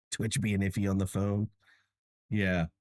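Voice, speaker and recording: This young livestream host, tired and achy, talks casually with viewers in a self-deprecating way, laughing frequently. His lowish voice barely moves in pitch and comes out extremely slowly, with no echo in the audio.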